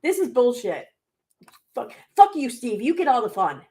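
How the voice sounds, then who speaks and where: A woman's voice: a little high, big pitch swings, normal speed, a little mellow. A woman hosting a commentary channel, reacting to clips with sarcastic, exasperated rants full of swearing.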